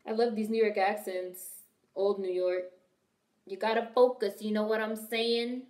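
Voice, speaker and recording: A woman's voice: mid-range voice, fairly even intonation, a little slow, a little mellow. A young woman from Washington, D.C., hosting a film reaction video, talking bluntly with profane wisecracks. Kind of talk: casual film reaction commentary. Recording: roomy echoey room.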